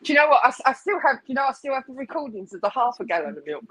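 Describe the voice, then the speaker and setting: A woman's voice: high voice, sing-song, rapid-fire, a bit bright, husky, no echo, low-quality recording. A woman from England with a northern English accent, teasing and bantering on a casual stream.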